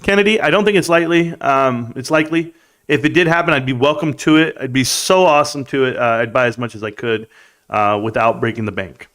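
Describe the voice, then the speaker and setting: A man's voice: mid-range voice, fairly quick, a bit bright. A man hosting a casual livestream from a room at home, reading out chat in a laid-back, chummy way and laughing often.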